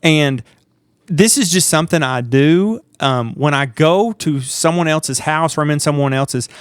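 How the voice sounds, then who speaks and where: A man telling a story on a podcast, animated and laughing as he acts out quotes. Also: fairly high pitch, measured pace, clean tone, dry recording, clean studio sound. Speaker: podcast co-host. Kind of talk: casual storytelling chat.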